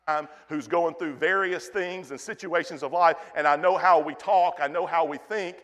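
A pastor delivering a folksy, emphatic sermon, repeating key phrases for weight, recorded in a church sanctuary. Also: male voice, sits high, big-room sound. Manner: folksy, emphatic preaching with repetitions.

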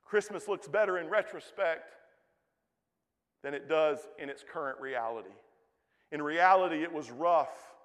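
A man's voice: a little high, unhurried, pauses often, a bit bright, in a large hall. A man, a pastor preaching a folksy, emphatic sermon in a church.

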